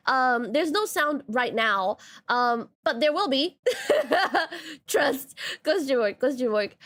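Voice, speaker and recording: A young woman with a high, light voice chats at speed while streaming a game. She is bubbly and loops little phrases over and over. Soft music sits faintly under her voice. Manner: fast-talking, bubbly, repeats phrases. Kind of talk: casual game stream chat.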